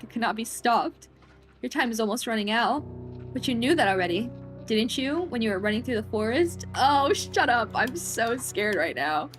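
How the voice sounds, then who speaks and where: Fairly high-voiced woman streamer reading aloud. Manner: dramatic read-aloud broken by scared, jokey outbursts. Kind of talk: reading a horror visual novel aloud with reactions.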